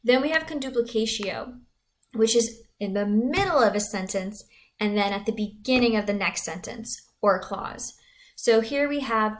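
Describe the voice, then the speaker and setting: A woman's voice: a little high, moderate pace. A young adult woman teacher explaining writing devices in a casual, conversational recorded lesson.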